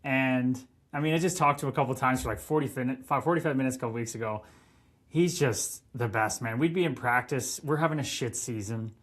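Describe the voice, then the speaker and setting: A man in his thirties, a hockey player telling stories on a podcast, animated, swearing and laughing as he goes. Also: medium pitch, fairly quick. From Canada. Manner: animated, profane, laughing storyteller. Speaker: guest, pro hockey player. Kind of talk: casual podcast storytelling.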